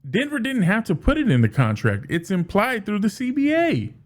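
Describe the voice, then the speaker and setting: A man giving casual solo commentary as a sports fan, animated, often restarting and repeating words. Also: sits high, normal speed.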